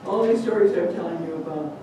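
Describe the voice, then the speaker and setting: An older woman telling a folk tale aloud to an audience, animated and chatty, slipping in Spanish words. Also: fairly low pitch, quick pace. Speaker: storyteller. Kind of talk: lively live storytelling. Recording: echoey hall, distant mic, noisy.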